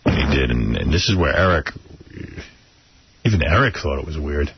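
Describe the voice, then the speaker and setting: A man's voice: a bass voice, animated, moderate pace, slightly rough. A man hosting a radio show in blunt, teasing casual banter. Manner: teasing, blunt, laughs loudly. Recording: slightly dull radio broadcast sound.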